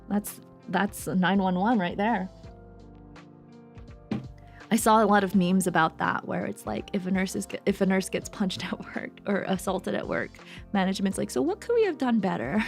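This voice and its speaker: A woman streamer telling a work story in casual chat, animated and laughing often, acting out the people she quotes. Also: mid-range voice.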